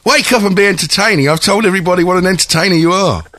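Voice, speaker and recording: A man's voice: high-pitched, very fast, background noise. A man hosting a podcast, chatting casually with rambling, jokey banter. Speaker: podcast host. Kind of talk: casual comic chat.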